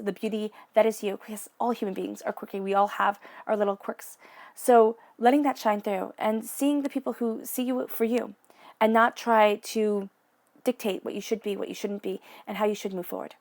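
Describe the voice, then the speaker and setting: A woman giving an encouraging psychic tarot reading in a gentle, spiritual way of speaking. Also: on the high side, fairly even intonation, normal speed. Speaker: tarot reader.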